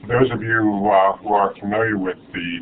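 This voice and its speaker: Male webinar host, low voice, measured, phone-like sound with faint hiss. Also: steady tone. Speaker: host introducing a speaker. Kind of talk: webinar introduction. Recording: tinny web call with faint noise.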